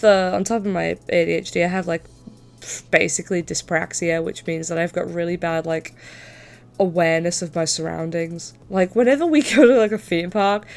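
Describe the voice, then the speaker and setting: A young adult woman streamer telling a story in casual chat, swearing freely and laughing as she talks. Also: on the low side. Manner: chatty, swears, laughs through her story.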